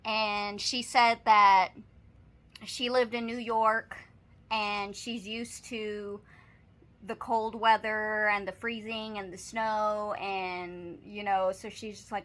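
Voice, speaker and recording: A young woman with a Texan accent talks casually to her camera at home, rambling through a shopping haul and a funny story. Her voice sits at an ordinary middle pitch, and her talk is loose and chatty, full of "like" and "you know.". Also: little pitch movement, slow pace, a bit bright. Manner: chatty, storytelling, says "like" often. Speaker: vlogger. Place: apartment, indoors.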